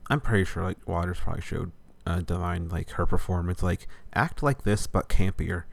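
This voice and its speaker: A man with a very deep voice co-hosts a casual podcast about film. He talks in a laid-back, hesitant way with plenty of "uh" and "like". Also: normal speed, vocal fry. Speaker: podcast co-host.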